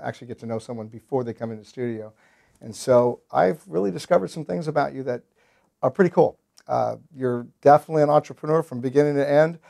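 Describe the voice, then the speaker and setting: A man's voice: medium pitch, gravelly, mellow. A man hosting an interview show, chatty and enthusiastic, often repeating words as he starts a question. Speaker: talk show host. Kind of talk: casual interview.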